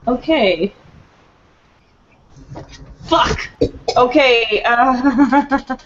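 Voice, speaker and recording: A woman's voice: on the high side, expressive, normal speed, slight background noise. A woman playing a tabletop role-playing game, talking nervously, swearing and laughing between rolls, on a dull lo-fi recording. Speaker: player. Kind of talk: casual tabletop game play.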